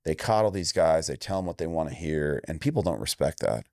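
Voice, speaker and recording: Blunt fight coach in his 40s, real deep voice, jumps up high when he quotes people, dead dry sound. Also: expressive, fairly quick, darkish tone, no room sound. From Indiana, USA. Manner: blunt, emphatic, acts out quoted lines with jumps in pitch. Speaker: MMA coach, guest. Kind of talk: candid interview talk.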